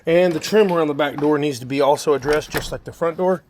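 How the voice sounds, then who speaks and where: A man's voice: a little high, fast talker. A man walking around a house and yard, listing the repairs still to be done in a matter-of-fact way. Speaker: property manager doing a walkthrough. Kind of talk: casual spoken inspection notes. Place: outdoors around a house and yard, then indoors. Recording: faint background noise.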